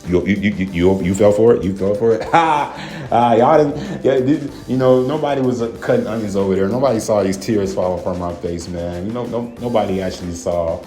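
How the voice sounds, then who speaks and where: A man's voice: fairly low pitch, brisk, mellow, roomy sound, faint music behind, natural voice. A man doing a sarcastic impression of a sulking announcer who insists he never cried, taunting listeners that they fell for it. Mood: mocking. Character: mocking impression of a pouting announcer denying he cried.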